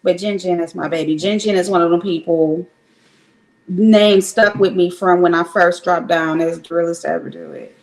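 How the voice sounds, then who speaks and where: A woman's voice: on the low side, steady tone, moderate pace, rough recording. A woman livestreaming from home, chatting casually and frankly with her viewers, rambling and swearing now and then. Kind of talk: casual chat with live viewers. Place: home in Cleveland. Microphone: streaming setup at home.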